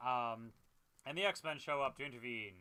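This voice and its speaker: A man's voice: medium pitch, moderate pace, pushed and bright, clean tone. A man co-hosting a podcast, chatting casually about a film with frequent laughs and filler words. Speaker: podcast co-host. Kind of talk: casual movie review chat.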